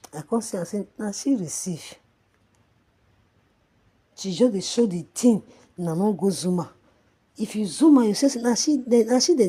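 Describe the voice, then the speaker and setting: A Nigerian woman ranting in a gossip vlog, mocking and angry, swinging from loud shouting to a low mutter. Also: husky. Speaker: social media commentator.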